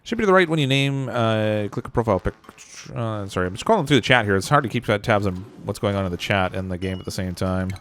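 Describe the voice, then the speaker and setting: A man's voice: on the low side, lively intonation, quick pace, hardly any pauses, a bit bright. A young Canadian man with a Canadian accent, live-streaming and commenting on his gameplay, chatty, thinking aloud with fillers and corny jokes. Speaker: game streamer.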